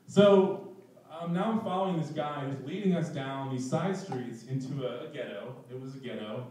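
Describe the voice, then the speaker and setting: A man's voice: medium pitch, moderate pace, dark tone. A young man telling a personal story at a live event, self-mocking and laughing through his lines. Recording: echoey room, distant mic.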